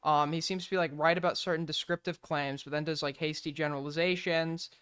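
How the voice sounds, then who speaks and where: A man's voice: on the high side, steady tone, fast talker, fairly bright tone, clean tone. Tired, foul-mouthed male streamer. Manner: profane, exasperated and rambling. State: sleep-deprived and tired. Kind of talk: casual reaction stream.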